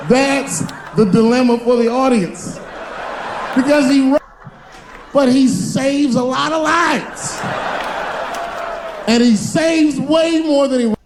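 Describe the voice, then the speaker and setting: A man doing a stand-up comedy set on stage, telling stories with animated delivery and voices that jump high for the characters. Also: background noise. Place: comedy stage before a live audience.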